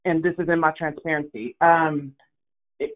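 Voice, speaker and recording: A woman's voice: deep voice, steady tone, normal speed. A woman calling in to a prayer line, giving an earnest, upbeat testimony. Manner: earnest, upbeat, talks with many fillers. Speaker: caller sharing a testimony. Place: phone call. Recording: phone line.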